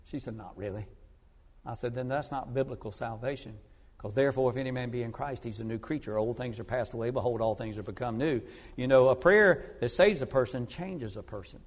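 A man's voice: mid-range voice, a little fast. Earnest preacher man in a reverberant hall. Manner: earnest storytelling preacher, swings between loud emphasis and quiet. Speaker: evangelist preacher. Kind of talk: sermon. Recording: long reverb of a large hall.

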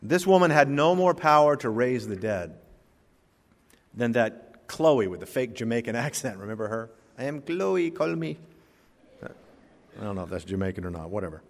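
A male pastor preaching a sermon and reading scripture, with dramatic swings between loud emphasis and quiet asides. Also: on the low side, expressive, brisk. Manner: reads scripture in King James wording. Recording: long hall reverb.

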